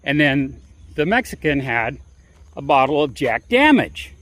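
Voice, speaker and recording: A man's voice: medium pitch, sing-song, measured pace, fairly bright tone. A man vlogging as he walks, telling a story in a rambling, chatty way full of restarts and asides. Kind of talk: casual storytelling on a walk.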